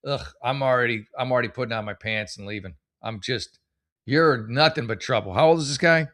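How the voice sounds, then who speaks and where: His voice is mid-range, a little bright, and moves fairly quickly. He's a man in his forties running a comedy advice show, reading posts aloud and reacting with sarcasm, rambling tangents, and exasperation.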